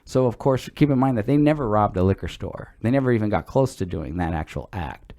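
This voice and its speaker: A middle-aged man co-hosting a podcast, telling stories in a relaxed, rambling way and swearing freely. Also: fairly low pitch, brisk. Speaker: podcast co-host. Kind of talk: casual storytelling chat.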